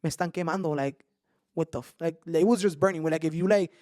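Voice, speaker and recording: Fast-talking high-voiced man telling ghost stories. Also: no room sound, studio quality. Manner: animated, swears a lot, mixes in Spanish slang. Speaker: podcast host. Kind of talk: casual storytelling chat.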